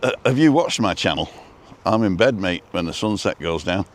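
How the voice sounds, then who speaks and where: A man's voice: low voice, lively intonation, moderate pace, slight background noise. A man chatting casually while driving and filming, reading out viewer comments with a dry, joking manner. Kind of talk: casual live-stream chat while driving. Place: inside a car.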